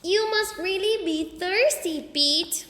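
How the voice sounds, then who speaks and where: A loud, cheeky little boy with a very high, piping voice, as a woman reads him in a storybook. He teases and chants in a big, roomy space with a long ringing echo. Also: slow pace, heavily acted. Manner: chanting, teasing.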